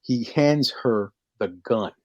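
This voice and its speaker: A man co-hosting a casual podcast, telling stories with lively energy and acting out lines in quick bursts. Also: medium pitch, lo-fi sound. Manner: animated storytelling, acting out movie lines. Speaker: podcast co-host. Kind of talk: casual chat.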